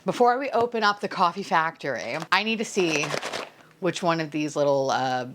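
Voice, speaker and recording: Young woman vlogger, very animated, gushing and profane, squealing over toys. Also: sits low, moderate pace, noisy background. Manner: gushing, swears a lot, squeals with delight. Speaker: unboxing vlogger. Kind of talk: casual unboxing chat.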